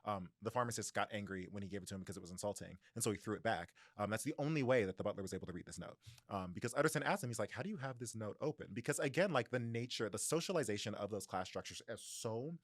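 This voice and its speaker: A young American man co-hosting a book podcast, animated and laughing often as he retells the plot. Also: on the low side, rapid-fire, hardly any pauses, dry recording, clean studio sound. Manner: animated, laughs often, acts out characters loosely in his own voice. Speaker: podcast co-host. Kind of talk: casual book discussion.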